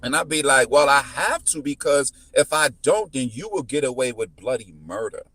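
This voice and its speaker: A man in his thirties telling a story in casual chat, full of restarts, whose pitch jumps up when he quotes people. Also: normal speed, no room sound. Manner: animated, repetitive restarts, jumps into high pitch when quoting. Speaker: podcast guest.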